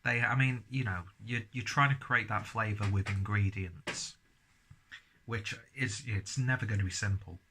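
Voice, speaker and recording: A man's voice: on the low side, moderate pace, pushed and bright, a little hiss or hum. A man giving a casual beer and snack tasting review, chatting as he chews. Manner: chatty, talks while chewing.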